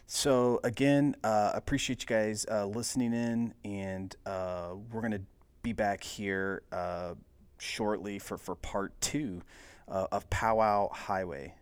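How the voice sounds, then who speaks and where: A man with a very deep voice casually retells a movie's plot, rambling along with plenty of filler words. His voice sounds close and dry, with no room around it. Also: steady tone, takes it slowly, clear, resonant tone, no echo. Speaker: podcast host.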